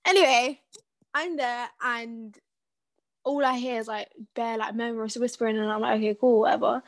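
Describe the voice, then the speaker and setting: A young British woman, co-hosting a podcast and telling a story in a chatty, animated way with many fillers. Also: fairly high pitch, moderate pace, no room sound. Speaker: podcast co-host. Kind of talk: casual chat.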